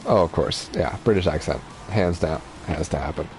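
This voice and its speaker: A man's voice: low voice, brisk, a little hiss or hum. A young man giving casual, chatty commentary while streaming a racing game. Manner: relaxed, chatty, explaining racing strategy.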